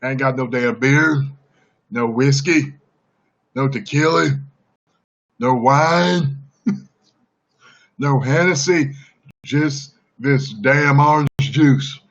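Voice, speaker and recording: A man putting on a brash Southern redneck wrestler persona, cussing in a gruff drawl. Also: medium pitch, very slow, pauses often, dull audio, voice pushed up. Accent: Southern US (put on).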